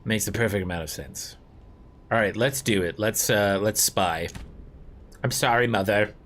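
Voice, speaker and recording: Playing through a narrative game on stream, this man rambles casually, chuckles when he fumbles his words, and chats with viewers along the way. He speaks at a moderate pace in a lowish, slightly bright voice.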